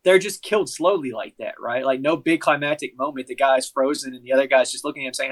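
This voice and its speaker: A man's voice: medium pitch, fast, hardly any pauses. A man co-hosting a podcast, explaining his opinions in a thoughtful, casual way. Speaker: podcast co-host. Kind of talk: casual movie-review chat.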